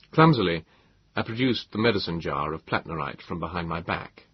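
A man narrating an audiobook in first person, with a measured storytelling delivery. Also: deep voice, breathy edge, dry recording. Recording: dull lo-fi, dry.

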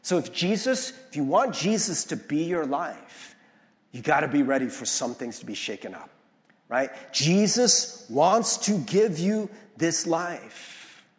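A male pastor giving a conversational sermon, often checking in with "right?" and acting out the voices he quotes. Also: mid-range voice. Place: church sanctuary. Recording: long hall reverb.

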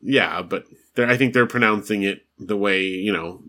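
A man's voice: fairly low pitch, moderate pace, sharp tone. A man hosting a podcast in casual chat, talkative and laughing easily. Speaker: podcast host.

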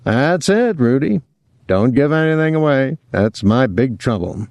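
Here a man narrates an audiobook character, a talkative, restless young man full of breezy jokes. The performer raises his pitch above his own to a mid-range level, keeping a measured pace, a darkish tone, and lots of animation. It's studio quality, without echo.

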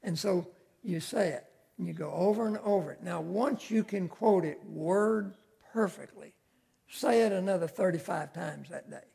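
Gravelly older man teaching Sunday school. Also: high voice, moderate pace, mellow. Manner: folksy, conversational, with homespun asides. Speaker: Bible teacher.

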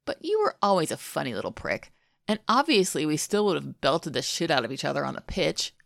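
A woman's voice: deep voice, very animated, a little fast, creaky, no room sound, studio quality, heavily acted. A woman voicing an earnest, lovestruck adult man in a podfic of fan fiction, plain and slightly choked.

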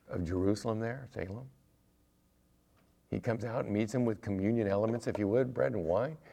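Male preacher, low gravelly tone, lively sermon delivery with comic asides. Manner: animated, acts out little scenes with humor. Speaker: pastor.

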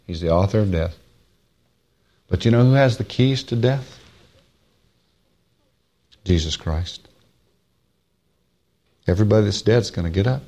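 A man's voice: lowish voice, animated, a little slow, long pauses, warm tone. Folksy, emphatic male preacher. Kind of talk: folksy Bible-teaching sermon.

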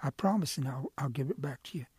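A man's voice: mid-range voice, lively intonation, quick pace, darkish tone, husky, dry recording. A man voicing a male quail in a told story, a cunning trickster who is eager and pleading. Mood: coaxing. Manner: coaxing, persuasive.

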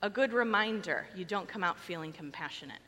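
A middle-aged woman pastor giving a conversational, animated sermon on a microphone, telling a personal story and acting out quoted lines. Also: medium pitch, fairly quick. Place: church sanctuary. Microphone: wearing a microphone. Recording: long reverb of a church hall.

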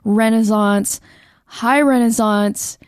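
A woman's voice: a little high, steady tone, slow, no echo, clean studio sound. A woman co-hosting a podcast in casual chat, talking with many fillers and laughing often. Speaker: podcast co-host.

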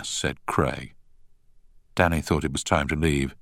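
A man narrating a novel in a measured, expressive reading. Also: very deep voice, no room sound, clean studio sound. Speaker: audiobook narrator. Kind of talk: scripted narration.

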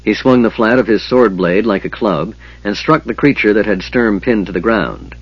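A man reads fantasy narration in a steady, measured way. His voice is low and husky. The recording is dry and slightly dull. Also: no echo. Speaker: audiobook narrator.

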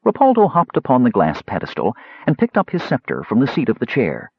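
Husky male audiobook narrator, measured scripted reading with a very lively pitch, dry close lo-fi recording. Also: no room sound.

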